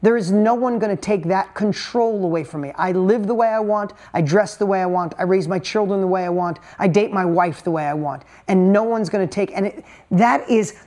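A man's voice: high voice, brisk, few pauses, darkish tone. A man in his forties speaks to a live audience as a motivational speaker. He tells a personal story with emphatic, intense delivery. He drives his points home with short, repeated phrases.

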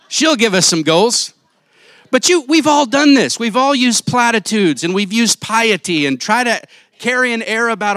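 A man preaching a sermon in church on a handheld mic, casual and jokey, acting out quick quotes. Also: high voice, a bit bright, no room sound. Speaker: pastor.

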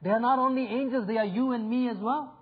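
A man's voice: very high-pitched, fairly even intonation, fast talker, breathy edge. A male pastor preaching a sermon in an earnest, inviting way, swelling and dropping his emphasis. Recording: phone-like narrow sound.

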